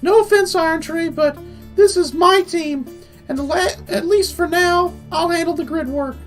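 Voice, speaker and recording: A man voicing a sharp-tongued woman team leader in a high falsetto, reading a game's lines aloud. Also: normal speed, faint music behind. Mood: bossy. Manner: falsetto, bossy and clipped.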